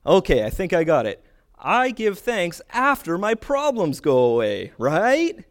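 A man's voice: high-pitched, huge pitch swings, a little slow, pitched above the performer's own voice, exaggerated voice. A man voicing a confused man who keeps misunderstanding simple advice, in a raised, puzzled, questioning voice.

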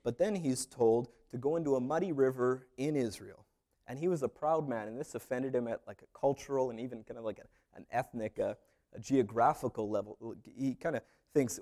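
A man's voice: mid-range voice, a little fast, mellow. A man preaching a casual sermon, talking through a Bible story conversationally with joking asides. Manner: conversational, jokey asides, lots of fillers. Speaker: pastor.

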